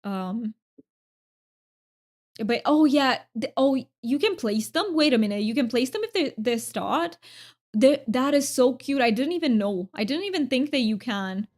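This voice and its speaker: A woman's voice: high voice, lively intonation, a little slow, darkish tone. A woman streaming live, chatting casually with viewers, often giggling and thanking them by name. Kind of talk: casual livestream chat.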